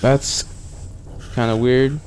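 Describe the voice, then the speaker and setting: A man's voice: medium pitch, little pitch movement, slow pace, a little mellow, slight background noise. A young man casually commentating a video game he is playing, joking and swearing as he reacts. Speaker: gaming YouTuber. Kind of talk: casual let's-play commentary.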